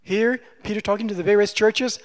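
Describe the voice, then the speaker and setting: High-voiced preacher in a reverberant hall. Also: male voice, fairly even intonation, brisk. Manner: emphatic, repeats phrases for stress. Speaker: pastor. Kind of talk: conversational sermon. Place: church. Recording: long church-hall reverb.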